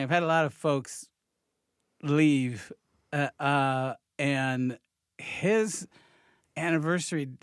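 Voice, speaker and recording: Halting, soft-spoken male comedian guest. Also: mid-range voice, clean tone, no room sound, studio quality. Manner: halting, many restarts, quiet and reflective. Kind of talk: podcast conversation.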